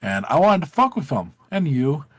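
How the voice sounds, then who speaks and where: A man's voice: a little high, sing-song, moderate pace, dry recording. Brief: man casually voicing a dying, gloating serpent god, offhand delivery, dry sound.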